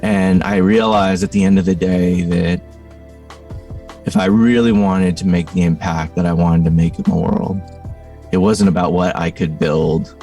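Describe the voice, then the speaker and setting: Low, gravelly-voiced man telling a story. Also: steady tone, a little slow, dark tone, far from the mic, soft background music. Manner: thoughtful, frequent fillers like "you know" and "like". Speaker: guest. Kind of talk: reflective conversational storytelling.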